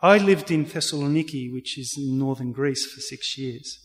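A man's voice: medium pitch, moderate pace. A man, speaking as an interview guest and telling an earnest personal faith story, with frequent restarts. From Australia. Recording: reverberant hall sound.

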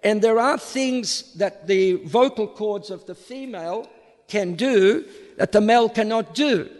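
A high-voiced man with an Australian accent, tinged faintly American, gives an unhurried lecture as a priest. He takes his time and often repeats a word while reaching for the next one. His voice rings out with the long reverb of a hall. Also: a little mellow. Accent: Australian with a slight American tinge. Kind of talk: public lecture.

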